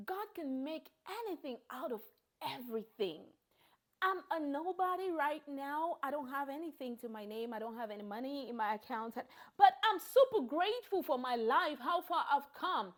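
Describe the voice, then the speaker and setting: A young woman speaks in a high, bright register. She delivers a heartfelt testimony of gratitude. She drops soft and low in places, then rises into loud, laughing bursts. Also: expressive, normal speed. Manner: emotional and grateful, swings from soft and low to loud, laughing outbursts. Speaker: vlogger giving a personal testimony.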